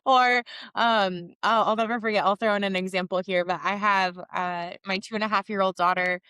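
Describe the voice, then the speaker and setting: A woman's voice: medium pitch, steady tone, normal speed, pushed and bright, clean tone, dry recording, studio quality. A woman podcast host and mother, chatting and telling family stories in an upbeat way. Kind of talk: interview conversation.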